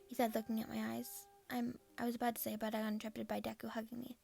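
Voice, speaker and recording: A woman's voice: on the high side, flat delivery, fast, creaky, few pauses, a little mellow. A woman casually reading her own first-person fan fiction aloud. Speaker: fanfiction reader.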